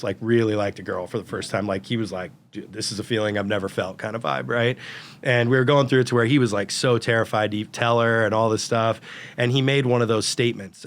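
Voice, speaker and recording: A man in his forties, a guest on an interview show, telling animated stories full of quoted dialogue. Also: mid-range voice. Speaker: guest, real estate brokerage founder. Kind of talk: storytelling in a casual interview.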